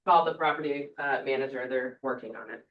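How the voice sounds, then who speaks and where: A woman's voice: very deep voice, fast talker, muffled recording. A woman giving casual announcements to her team at a meeting, chatty and informal. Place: office meeting room. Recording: roomy echo.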